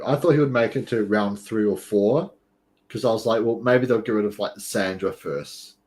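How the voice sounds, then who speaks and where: A man's voice: on the low side, moderate pace, darkish tone. A man hosting a podcast, chatting casually and laughing often. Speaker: podcast host. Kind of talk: casual chat.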